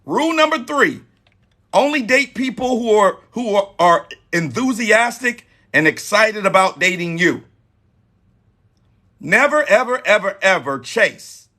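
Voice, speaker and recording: Bright, high-voiced man in his forties. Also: lively intonation, unhurried. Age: 40s. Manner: emphatic, repeats key points. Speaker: host. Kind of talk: live dating-advice talk.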